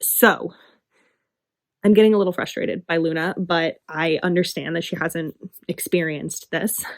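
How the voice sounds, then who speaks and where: A woman book vlogger with a lowish voice talks in a casual review. Her delivery is passionate and emphatic, with plenty of fillers. The recording sounds dry and close. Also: fairly even intonation, measured pace, no room sound.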